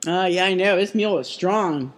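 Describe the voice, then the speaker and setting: A woman's voice: fairly low pitch, normal speed. A woman guest on a podcast chatting casually and playfully, often laughing. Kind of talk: casual chat.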